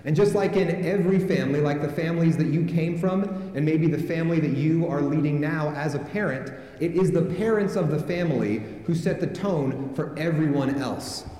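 A man preaches a sermon and calls on his congregation to respond. His voice sits a bit high and sounds dark and mellow. It rings through a large church hall with long, echoing reverb. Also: normal speed, hardly any pauses. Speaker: pastor.

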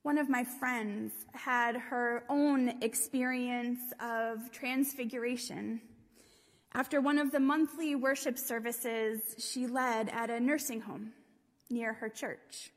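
A woman preaching a sermon, telling a story in a slow, gentle way and dropping to a hush at times. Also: fairly high pitch, steady tone. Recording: long reverb of a large hall.

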